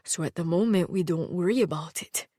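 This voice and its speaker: A woman voicing a terse, deadpan immortal male swordsman in an audiobook, speaking calmly and dryly. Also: fairly low pitch, a little fast, dry recording, clean studio sound, lightly acted. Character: male immortal swordsman, calm, dry, wounded. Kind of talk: audiobook character voice.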